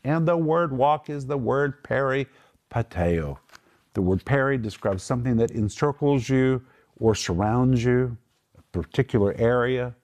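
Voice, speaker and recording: A man's voice: medium pitch, unhurried, darkish tone. A middle-aged man teaching the Bible on a Christian broadcast, emphatic and lifting his voice when quoting scripture. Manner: emphatic, lifts voice for quoted words.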